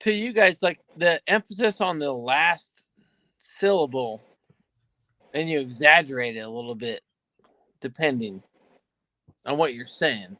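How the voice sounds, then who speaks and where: Casting: man, higher bright tense voice, playful teasing in dry close audio. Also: expressive, unhurried, pauses often, dry recording. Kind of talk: casual chat.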